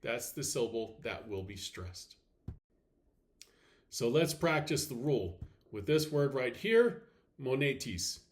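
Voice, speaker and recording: A man teaching a recorded slide lesson, explaining step by step, checking in with "okay" and saying example words slowly and deliberately. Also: mid-range voice, sing-song, slight background noise. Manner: clear step-by-step explaining with frequent okays. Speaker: Latin teacher.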